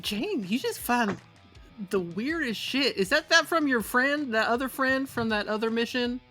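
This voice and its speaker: A woman's voice: fairly high pitch, lively intonation, normal speed, a bit bright, soft background music. A chatty, giggly woman player. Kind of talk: playing a tabletop game.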